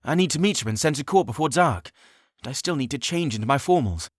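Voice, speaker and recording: A man narrating an audiobook voices an earnest, hurried teenage boy. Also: mid-range voice, animated, no echo, clean studio sound, voice pushed up, lightly acted. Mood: eager. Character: eager 17-year-old male hero, earnest.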